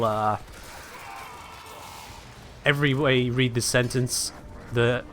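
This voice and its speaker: A man's voice: medium pitch, a little hiss or hum. A man chatting dryly and sarcastically with viewers while playing a game on a live stream. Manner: dry, sardonic, chats to viewers while playing. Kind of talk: casual live-stream chat while gaming.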